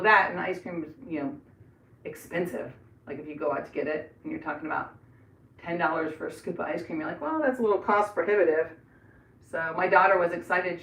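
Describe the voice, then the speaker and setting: Middle-aged woman host, casual rambling live chat, heard from a little away in an echoey bathroom. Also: lowish voice. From Florida. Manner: chatty, rambling, laughs often. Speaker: livestream host. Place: indoors in a bathroom. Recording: echoey room, voice from some distance.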